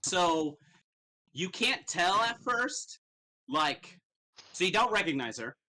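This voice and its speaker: Man, game master, casual, profane, bright voice, slightly high. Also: sing-song, slow pace, a little hiss or hum, low-quality recording. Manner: casual, profane, laughs often. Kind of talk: narrating a tabletop game.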